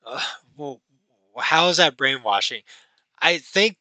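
Rambling man with a bright, tense voice. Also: a little high, sing-song, a little slow, dry recording, rough recording. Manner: rambling, heavy fillers like "you know" and "like". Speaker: podcast host reviewing a film. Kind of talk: casual chat.

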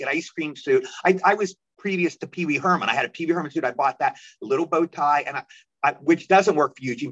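A man telling stories as an interview guest, lively and quick, acting out the voices of the people he quotes. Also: a little high, dull audio. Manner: animated, rapid storyteller who acts out quoted voices. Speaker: guest actor. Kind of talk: storytelling interview.

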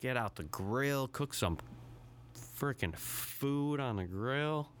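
A man's voice: mid-range voice, lively intonation, slow pace, a little hiss or hum. A man hosting his own podcast, rambling through a casual, profane solo rant with a self-deprecating edge. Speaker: podcast host.

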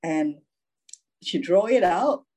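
Warm, husky woman preaching chattily. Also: lowish voice, lively intonation, slow pace, rough recording. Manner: chatty, laughs often, checks in with "okay?" and "right?". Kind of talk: informal sermon.

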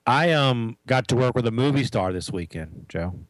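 A man's voice: medium pitch, animated, moderate pace, no room sound. A man chatting casually as a co-host, teasing and making wry remarks. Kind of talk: casual chat.

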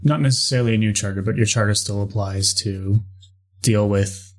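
A man acts as game master for a tabletop role-playing group. His voice sits on the low side. He speaks in a flat, steady monotone that barely rises or falls. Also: fairly quick. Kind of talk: running a tabletop game, casual chat.

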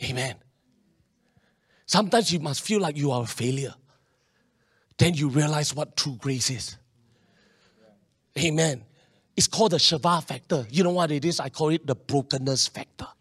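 Man, high voice, animated sermon, lots of restarts. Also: normal speed, pauses often, breathy edge. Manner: animated preaching with Singlish particles and restarts. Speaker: pastor.

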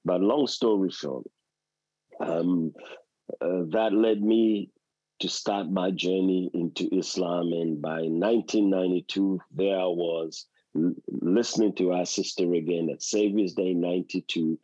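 Aussie guy calling in sick from bed, really low dark voice, kinda muffled, dry sound. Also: steady tone, no room sound. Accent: Australian. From Australia. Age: middle-aged. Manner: earnest, halting with fillers. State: unwell, lying down. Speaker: call-in guest. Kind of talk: live tribute call. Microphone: phone call, audio only.

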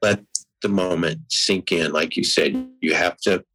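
Middle-aged man with a very deep voice, sincere, stumbles and restarts as he talks. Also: steady tone, vocal fry, a bit bright, soft background music, poor audio. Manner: sincere, halting, many restarts. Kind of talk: casual conversation.

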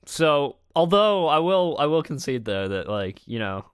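A man co-hosting a casual chat about a film, animated and quick to laugh. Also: on the high side, clear, resonant tone, no room sound, studio quality. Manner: animated, laughs often, does playful impressions. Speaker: podcast co-host.

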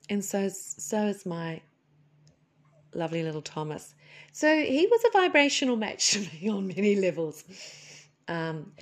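Woman, podcast host, chatty, playful asides, slightly sniffly. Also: lowish voice. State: a little sniffly. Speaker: podcast host and animal healer. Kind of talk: casual solo podcast chat.

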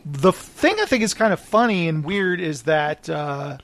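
Male podcast host, high voice, casual rambling storyteller. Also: unhurried. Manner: animated, rambling storyteller who laughs often. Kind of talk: casual chat.

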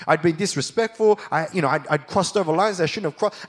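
A young adult man preaching a sermon as a pastor, moving from quiet reflection to fired-up passion. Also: sits high, quick pace, hardly any pauses.

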